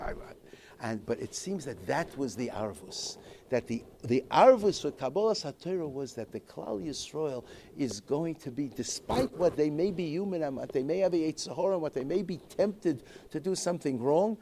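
Gravelly man giving a halting Torah lecture. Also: a little high, expressive, warm tone, a little hiss or hum. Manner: halting, with many repeated restarts; mixes Hebrew and Yiddish terms into English. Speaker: rabbi teaching a Torah class.

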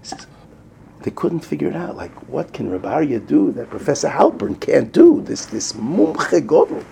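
A middle-aged man delivers a sermon-style lecture with a lively, swooping voice that drops to near whispers and rises to loud, emphatic lines. His tone has a gravelly edge and sits somewhat high for a man. A faint hiss runs beneath him. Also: normal speed. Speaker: rabbi.

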